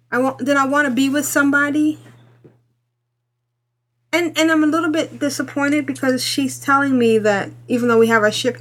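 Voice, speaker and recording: A woman co-hosting a gaming podcast, talking in an animated, insistent, self-mocking way. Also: high-pitched. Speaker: podcast co-host. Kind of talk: casual gaming podcast chat.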